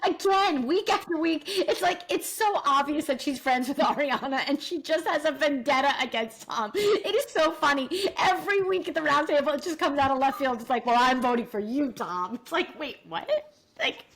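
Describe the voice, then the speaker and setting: A woman's voice: high-pitched, moderate pace, few pauses. A middle-aged woman co-hosting a podcast, chatting animatedly about reality TV. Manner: animated, exaggerated, laughs often. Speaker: podcast co-host. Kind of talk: casual chat about reality TV.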